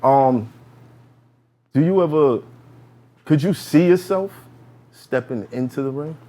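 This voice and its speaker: A man hosting a casual podcast, asking questions and backing up his guest with quick affirmations. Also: a little high, dark tone. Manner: agreeable, lots of short affirmations.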